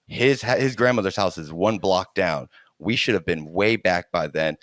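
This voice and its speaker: A middle-aged man with a somewhat low voice spins a long personal story in a relaxed chat. He is animated, breaks into laughter often and restarts sentences mid-thought. The sound is dry and close, with little room around it. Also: normal speed, no echo.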